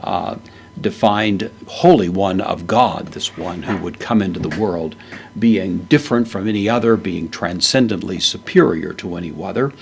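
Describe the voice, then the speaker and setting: A man giving a measured, verse-by-verse Bible lesson, explaining the Greek words with frequent pauses. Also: deep voice, creaky, background noise. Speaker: Bible teacher.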